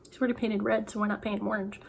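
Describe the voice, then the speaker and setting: A woman's voice: mid-range voice, level tone, very fast, vocal fry, a little hiss or hum. A young woman author chatting casually to camera, rambling with many "like"s and restarts. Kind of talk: casual vlog chat.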